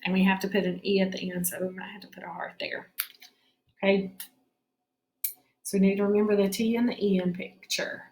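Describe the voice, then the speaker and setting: A woman teacher giving a spelling lesson to children, patiently sounding out each word slowly and checking in with her class. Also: mid-range voice, flat delivery, darkish tone, echoey room.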